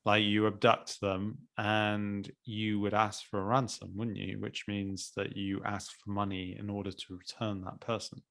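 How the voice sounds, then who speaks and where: A man's voice: on the low side, monotone, measured pace, gravelly, few pauses, fairly bright tone. A man co-hosting a podcast in a casual chat, easygoing and joking, with a hesitant way of talking. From England. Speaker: podcast co-host.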